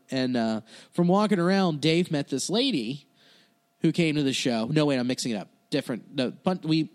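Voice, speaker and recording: A man with a slightly high voice tells a story in loose, easygoing podcast chat. He swears freely and slips into the voices of the people he quotes. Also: expressive, fairly quick. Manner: laid-back, swears freely, acts out quotes. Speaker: podcast host.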